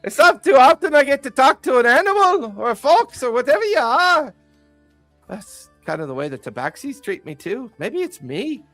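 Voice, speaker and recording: A man voicing a drunken, grumpy old man who has claimed a ruined tower, rambling and gruff. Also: extremely high pitch, sing-song, normal speed, fairly bright tone, no room sound, faint music behind, pitched above the performer's own voice, exaggerated voice.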